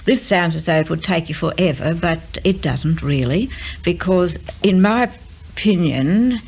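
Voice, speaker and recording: An older woman, a radio serial writer, talking in an unhurried way with frequent ums and uhs. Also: on the low side, gravelly, darkish tone, slightly rough, rough recording. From Australia. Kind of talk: relaxed interview and dictation.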